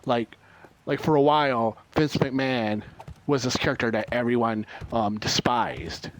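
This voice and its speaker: A man's voice: medium pitch, fairly even intonation, a little slow, slight background noise. A man casually spinning a rambling, profane story with many ums and uhs while he plays a game. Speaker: gamer.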